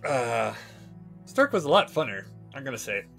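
A man's voice: medium pitch, sing-song, normal speed, vocal fry, fairly bright tone, soft background music. Young guy streaming a game, goofy and giggly, chatting to the npcs. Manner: playful, giggly, talks to the game characters. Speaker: livestreamer. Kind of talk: casual gameplay commentary.

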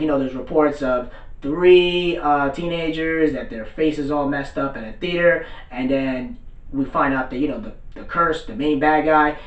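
A man with a somewhat high voice runs through an anime episode in a loose, slangy way, throwing in quick impressions of the characters. He sits back from the mic, so the voice sounds distant. The room around him is echoey. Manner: loose slangy retelling, acts out characters' lines. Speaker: anime reviewer. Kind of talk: casual episode recap.

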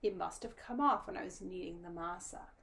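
A woman's voice: on the low side, a little fast, vocal fry, a bit bright. A woman voicing an anxious, impulsive young girl who blurts out urgent, pleading lines in a storybook reading.

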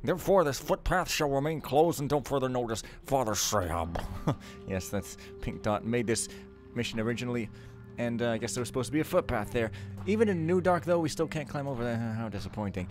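A man's voice: medium pitch, lively intonation, fairly quick, faint music behind. Joking man doing game commentary. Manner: joking, rambling, self-mocking. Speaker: let's play commentator. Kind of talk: casual gameplay commentary.

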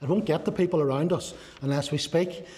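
A male pastor preaching a sermon, earnest, with many rhetorical questions and a voice that drops soft and low on key phrases. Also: brisk.

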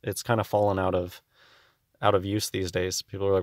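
A man's voice: sits low, steady tone, normal speed, no echo, clean studio sound. A young man casually musing over old newspaper clippings, sometimes reading them aloud in a rambling way. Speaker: video host.

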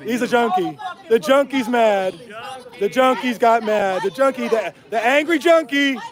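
Street protester heckling on a livestream: high-pitched man, taunting and repetitive, crowd noise all around. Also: a little slow. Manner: taunting, mocking, repetitive jeers. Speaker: protester filming a street confrontation. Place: city street at night outside a restaurant.

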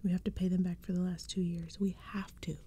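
Whispered role-play: woman doing a bossy girl, breathy and mellow. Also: fairly low pitch, flat delivery, fairly quick. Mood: stern. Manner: scolding. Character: bossy, scolding girl Shauna.

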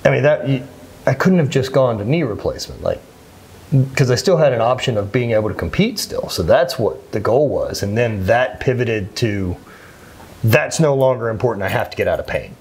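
A man's voice: medium pitch, expressive, normal speed, a little mellow, breathy edge. A man in his thirties, a former athlete, talking earnestly and plainly as an interview guest, often restarting his sentences. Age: 30s. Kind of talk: candid conversational interview.

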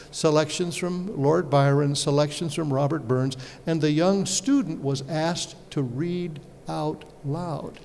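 Male lecturer, fairly high voice, storytelling with rhetorical questions; long hall reverb, faint noise. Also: a little mellow. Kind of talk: conference lecture. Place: large hall.

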